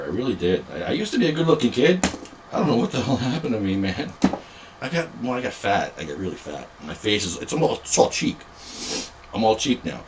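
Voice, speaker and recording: A man's voice: low-pitched, slight background noise. A middle-aged man hosting a podcast in casual, rambling, self-mocking chat. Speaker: podcast host.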